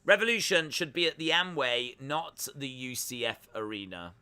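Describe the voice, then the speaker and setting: Bright, crisp-voiced streamer chatting. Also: male voice, medium pitch, lively intonation, moderate pace, no room sound. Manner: chatty and joking, with many uhs. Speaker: live-stream reaction host. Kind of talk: live reaction commentary.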